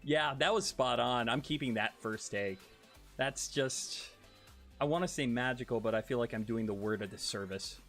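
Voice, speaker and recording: A man chatting casually on a livestream, excitable and giggly, swearing freely as he reads chat. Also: mid-range voice, normal speed, soft background music. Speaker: streamer.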